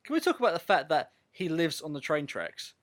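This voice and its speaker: A man co-hosting a podcast, excitedly chatting about a film, laughing and swearing. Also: fairly high pitch, brisk. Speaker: podcast co-host. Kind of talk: casual film review chat.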